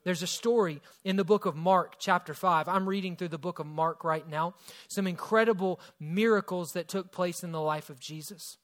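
A man with a high voice preaches a sermon, telling the story with energy. His delivery swings between loud, emphatic lines and hushed, quiet ones. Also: moderate pace. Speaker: pastor.

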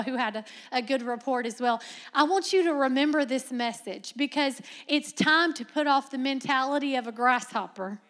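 A young woman preaching a lively, humorous sermon, moving between soft low asides and loud emphatic lines, with frequent laughter. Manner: laughs often.

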